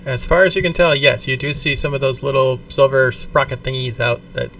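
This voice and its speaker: Casual profane game master, distant mic. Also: male voice, mid-range voice, fairly even intonation, fairly quick, a bit bright. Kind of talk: narrating a tabletop game. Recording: distant mic with faint background noise.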